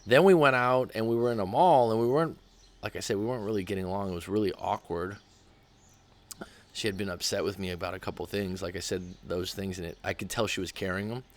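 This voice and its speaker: A man's voice: lowish voice, steady tone, fast talker. A man, a dating coach, telling a personal story in a candid, rambling way that often corrects itself.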